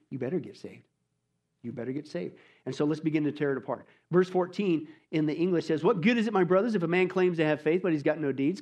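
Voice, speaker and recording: Man, pastor, sermon, emphatic, rhetorical questions, loud and soft swings, slightly raised pitch. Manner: colloquial preaching with mock voices. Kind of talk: expository sermon.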